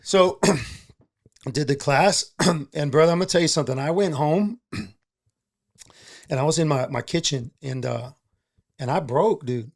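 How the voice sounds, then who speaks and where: A man's voice: a little high, a little slow, gravelly, long pauses. A middle-aged man, candidly telling a personal story in a casual podcast chat, streetwise and emotional. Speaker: podcast guest, entrepreneur.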